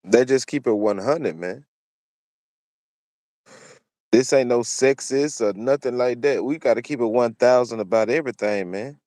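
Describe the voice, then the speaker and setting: A man's voice: mid-range voice, normal speed, pauses often, warm tone, no echo, clean studio sound. A man giving opinionated solo commentary, repeating his points over and over in a preachy way. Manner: repeats phrases for emphasis, preachy. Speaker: commentary channel host.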